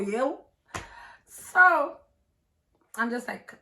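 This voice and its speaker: A young woman vlogger telling a personal story in an animated, profane, laughing way. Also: fairly high pitch, slow. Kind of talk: storytime vlog.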